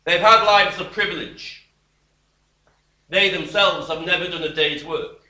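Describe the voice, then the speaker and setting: A man's voice: high voice, measured pace, sharp tone. A man preaching a sermon that explains scripture. He talks emphatically and expressively, with wry, dismissive asides. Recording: echoey room, voice heard from away from the mic.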